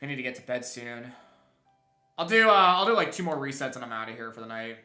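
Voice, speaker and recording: A man's voice: mid-range voice, lively intonation, fast, pushed and bright, soft background music. A young man streaming a game, chatting casually and rambling with many restarts and chuckles. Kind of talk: casual live-stream chat while gaming. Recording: roomy echo.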